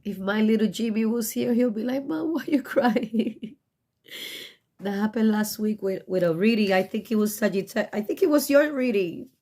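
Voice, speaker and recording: A woman's voice: mid-range voice, moderate pace, dark tone. A middle-aged woman giving a casual tarot reading, blunt and profane, emotional and choking up at times, with non-native English phrasing. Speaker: tarot reader.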